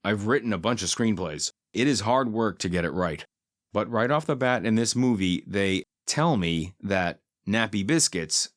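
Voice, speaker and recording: A man reviewing a film in a scripted monologue, with dry, sardonic humor and deadpan asides, slowing down to land his points. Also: on the low side, dry recording.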